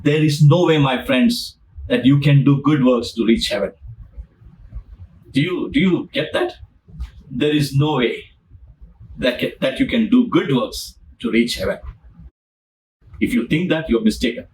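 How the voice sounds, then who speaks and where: A man's voice: medium pitch, expressive, a little slow, pauses often, a little mellow, distant mic, slight background noise, rough recording. A man preaching a sermon, repeating his phrases for emphasis and acting out the scripture as he goes. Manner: repetitive, emphatic, dramatizes scripture.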